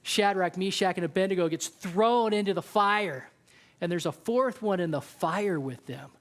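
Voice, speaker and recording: Preaching at a moderate pace, a youth pastor with a high-sitting voice keeps his sermon relaxed and conversational. He regularly performs the quoted words of characters in the story.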